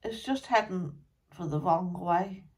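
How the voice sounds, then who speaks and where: A woman psychic medium speaking quietly and plainly after a channelling session. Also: fairly low pitch, measured pace, recorded from a distance. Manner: soft, quiet, matter-of-fact.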